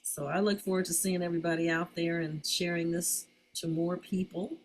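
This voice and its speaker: A woman's voice: lowish voice, level tone, moderate pace, a little hiss or hum, poor audio. A woman hosting an online community panel, asking questions with many ums and encouraging words. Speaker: host.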